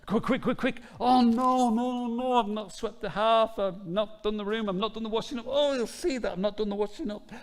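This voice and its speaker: A man voicing a flustered, busy woman who frets loudly about hosting an important guest. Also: normal speed, few pauses, natural voice. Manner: frantic, fussing, high and loud.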